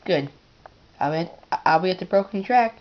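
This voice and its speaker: A woman voicing an older male railway controller in a toy-train story, giving orders in a steady, instructing tone. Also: fairly low pitch, normal speed, highs cut off, background noise, close to an everyday voice. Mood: firm.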